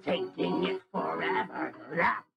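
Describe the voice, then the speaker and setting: A man voicing a creepy male singer who demands souls, in a croaky, gravelly sung voice over loud music. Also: on the high side, big pitch swings, takes it slowly, exaggerated voice. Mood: menacing. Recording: music playing loud behind.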